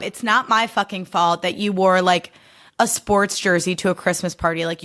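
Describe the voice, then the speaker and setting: A woman's voice: medium pitch, fairly bright tone. A woman in her thirties hosting a solo podcast, talking in a sassy, emphatic rant full of swearing. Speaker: podcast host.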